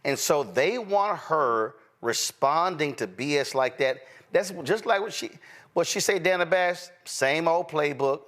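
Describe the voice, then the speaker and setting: Emphatic high-voiced male political host. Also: expressive, unhurried, a bit bright. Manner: emphatic, preacher-like cadence, cutting. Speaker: show host. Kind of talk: heated political commentary.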